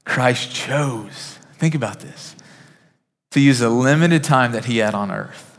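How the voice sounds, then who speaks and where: A man preaching a sermon as pastor, earnest, naming listeners one by one, building to emphatic peaks and dropping to a soft hush. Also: medium pitch, slow pace. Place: church sanctuary. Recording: reverberant church hall.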